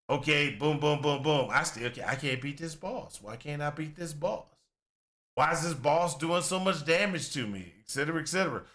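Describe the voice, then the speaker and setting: A man's voice: fairly high pitch, expressive, moderate pace, fairly bright tone. A man giving casual, rambling reaction commentary on a video game, venting in exasperation and acting out his own past complaints. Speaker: gaming content creator.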